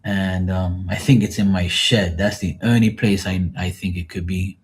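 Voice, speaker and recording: A man's voice: low voice, fairly even intonation, moderate pace, slightly rough. A man chatting casually to his livestream viewers, rambling and swearing freely in a joking way. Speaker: livestream host.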